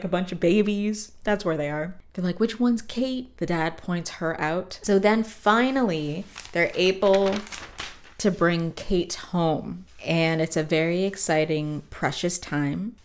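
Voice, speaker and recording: A woman hosting a podcast, casually recapping a cartoon episode with swearing and quick character voices. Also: fairly low pitch. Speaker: podcast host.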